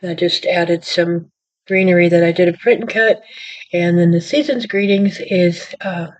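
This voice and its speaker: Low-voiced woman chatting about her crafts. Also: fairly even intonation, moderate pace. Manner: rambling, self-deprecating, apologetic. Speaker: card-making channel host. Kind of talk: casual show-and-tell chat. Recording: dull lo-fi audio.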